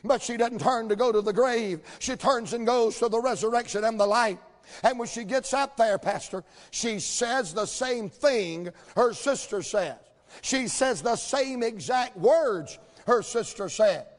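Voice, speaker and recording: A man preaching a folksy sermon in a church, telling the story with energy and building to shouts. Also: high voice, measured pace. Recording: long hall reverb.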